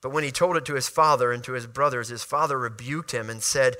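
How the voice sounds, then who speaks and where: A man's voice: medium pitch, steady tone, quick pace, hardly any pauses, pushed and bright. A man preaching a sermon, reading scripture and explaining it in a conversational way, with frequent restarts and asides.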